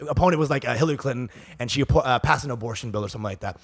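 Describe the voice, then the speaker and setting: A man's voice: medium pitch, very fast. A man co-hosting a comedy podcast, telling crude stories in a rambling, restart-filled way. He grew up in Texas. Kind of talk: casual comedic podcast banter.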